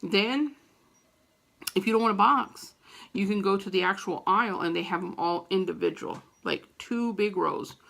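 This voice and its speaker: A middle-aged woman vlogger telling a story to camera in a casual, animated, profane way, with a gravelly voice. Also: medium pitch, brisk.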